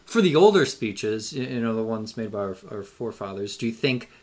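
A man's voice: fairly low pitch, animated, a little fast, darkish tone. A man co-hosting a podcast in casual chat, playful and often laughing as he talks. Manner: playful, laughs while talking. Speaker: podcast co-host.

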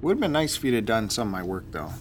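A man's voice: lowish voice, big pitch swings, quick pace, a little hiss or hum. A man co-hosting a casual podcast, teasing and wry in his banter. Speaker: podcast co-host.

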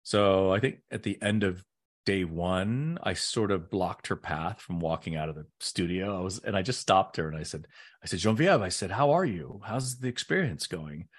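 Animated man telling set stories. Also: sits low, moderate pace. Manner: animated, acts out quoted voices. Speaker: actor and guest. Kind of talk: casual interview storytelling.

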